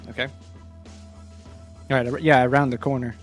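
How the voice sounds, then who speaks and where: A man playing in a tabletop game, talking casually and quickly about his character's moves. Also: medium pitch, flat delivery, soft background music. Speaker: player.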